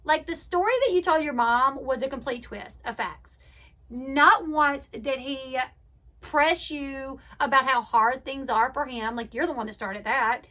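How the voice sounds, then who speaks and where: A young woman with a high, bright voice talks through a reality show recap in a loose, chatty way. She gives her opinions freely and acts out what each person said, with plenty of fillers along the way. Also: measured pace. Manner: chatty, opinionated, retells scenes by acting out quotes. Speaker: reality TV commentary host. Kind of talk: casual recap commentary.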